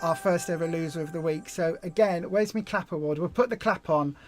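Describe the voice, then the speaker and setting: A woman's voice: on the low side, fairly even intonation, fairly quick, over music. A woman hosting a weight loss support live stream, talking in an emotional, effusive way and repeating herself. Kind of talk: casual live stream chat.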